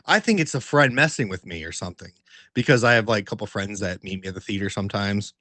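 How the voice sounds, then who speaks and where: A man co-hosting a podcast, telling a story in a casual, animated way, swearing a lot and filling it with "like". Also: on the low side, fast, no room sound. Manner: animated, profanity-heavy storytelling with many fillers; laughs while telling the story. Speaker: podcast co-host. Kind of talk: casual chat.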